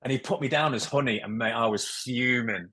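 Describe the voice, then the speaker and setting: Husky man in his forties, candid. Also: medium pitch, a little fast. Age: 40s. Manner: candid, swears freely, lively storytelling. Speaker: podcast guest, musician and ex-footballer. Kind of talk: casual chat.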